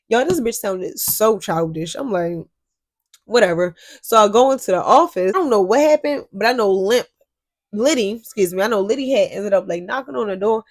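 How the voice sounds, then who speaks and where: An animated young woman recounts a drama from her job as a cashier, cursing freely and calling out to her viewers. Her voice sits at an everyday middle pitch. The sound is dry and close, with no echo. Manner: animated, profane, talks straight to viewers. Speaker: store cashier telling a story. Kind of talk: storytime vlog.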